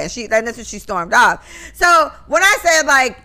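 A woman co-hosting a chat podcast, her voice bright and her pitch swinging all over as she tells stories. She curses freely and slips into acted-out quotes mid-sentence. The talk is loose, casual gossip between friends. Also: fairly quick, creaky, few pauses. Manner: animated, profane, acts out quotes. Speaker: podcast co-host.

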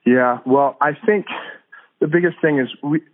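A man, likely in his thirties, telling a faith story as a guest in a casual interview, animated and quick to laugh. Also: fairly high pitch. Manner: animated, laughs often, repeats words. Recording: phone-like narrow band audio.

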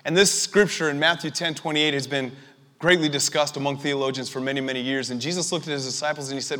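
Brief: male preacher, high voice, conversational sermon that turns emphatic, reverberant hall. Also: steady tone, fast talker, sharp tone.

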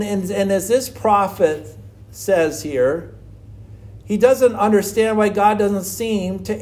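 High-voiced man preaching a sermon. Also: darkish tone. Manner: earnest, asks many rhetorical questions. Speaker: pastor.

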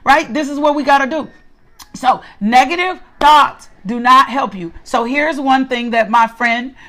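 A middle-aged woman preaching in a relaxed, conversational way, with a voice pitched a little high. She repeats her points for emphasis and keeps asking the listeners to answer her. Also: a little slow. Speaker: Bible study teacher. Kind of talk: conversational sermon.

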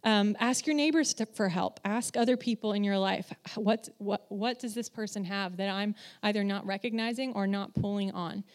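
The woman speaks in a mid-range voice at a moderate pace, with hardly any pauses. Working in children's ministry, she gives a conversational sermon that's candid and self-deprecating, animatedly performing the voices she quotes.

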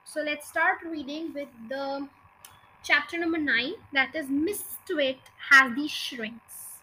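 Woman, storybook reader, chatty, self-correcting, very high pitch. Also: pushed and bright, poor audio. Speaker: podcast host reading a book. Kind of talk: casual storybook reading.

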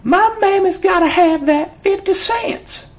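A man voicing a stubborn, persistent little girl with a Southern US accent in a shrill, squeaky child voice. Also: slow pace.

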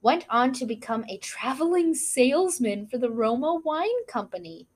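A woman's voice: high voice, very animated, normal speed, husky. A woman co-hosting a casual chat, reading out history notes with frequent asides and apologies for mispronounced names. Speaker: podcast co-host.

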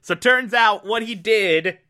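A man eagerly recaps an anime plot in a loose, rambling way, full of fillers and restarts. His voice is bright and sharp, a bit high for a man. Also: takes it slowly.

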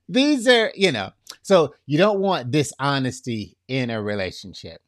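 Slow, dry-sounding male preacher. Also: mid-range voice, expressive, no echo. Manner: casual, checks in with "right?", acts out quotes. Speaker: preacher teaching on relationships. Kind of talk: conversational sermon.

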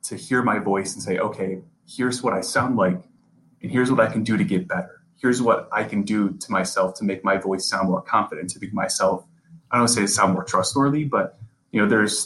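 A man's voice: on the low side, fairly bright tone, a little hiss or hum, rough recording. A young man, a sports reporter, talking earnestly as a podcast guest, often repeating and restarting words. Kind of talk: casual interview conversation.

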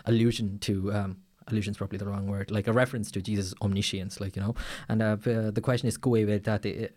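A man's voice: lowish voice, level tone, fast, a little mellow. A man co-hosting a casual faith podcast, rambling with many fillers and restarts. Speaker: podcast co-host.

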